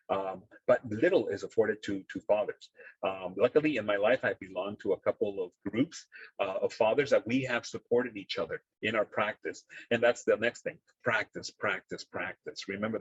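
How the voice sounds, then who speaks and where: A man presenting a parenting talk over a video call, with a lowish, slightly husky voice. He speaks earnestly, stopping and restarting with plenty of fillers. The audio is dull and dry. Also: no room sound. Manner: earnest, halting with many fillers. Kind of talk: workshop talk.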